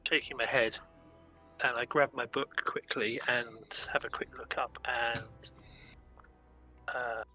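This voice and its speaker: Man playing a tabletop game, very bright, sharp-edged voice, earnest and stammering. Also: medium pitch, level tone, slow pace, pauses often, faint music behind, low-quality recording. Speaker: player. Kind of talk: tabletop role-play, in character.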